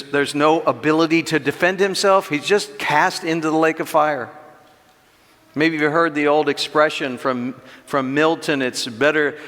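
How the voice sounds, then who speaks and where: A middle-aged man teaching a Bible class as a pastor, emphatic, posing rhetorical questions and slowing down to stress key points. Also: fairly high pitch, sharp tone. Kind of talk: expository sermon teaching. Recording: long reverb of a church hall.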